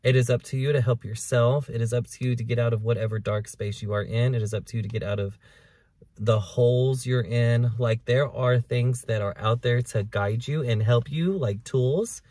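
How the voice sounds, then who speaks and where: A man's voice: medium pitch, normal speed, dark tone, no echo. A man hosting his own podcast, talking candidly and emotionally in a rambling, profane way. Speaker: podcast host. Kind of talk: casual personal podcast monologue.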